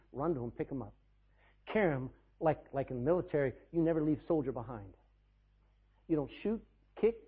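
High-voiced preacher on a tinny recording. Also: male voice, breathy edge. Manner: emphatic preaching with call-and-response questions. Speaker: pastor. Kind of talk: sermon.

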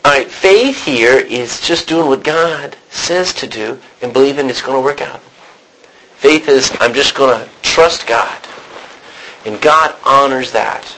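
A man teaching a Bible study class, animated and questioning his students. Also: medium pitch, a little slow, rough recording.

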